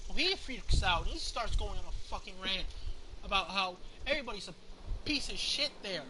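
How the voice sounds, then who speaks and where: Man in casual rant, high-pitched and sharp, swears freely and rambles. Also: moderate pace, slight background noise. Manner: profane, rambling, excited. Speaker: movie reviewer.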